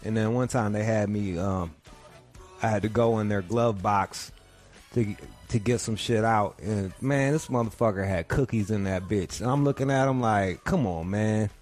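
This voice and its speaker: Low-voiced man ranting crudely on a podcast. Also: moderate pace, darkish tone, soft background music. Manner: profane, rambling storyteller. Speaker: podcast host. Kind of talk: crude comedic rant. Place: home couch.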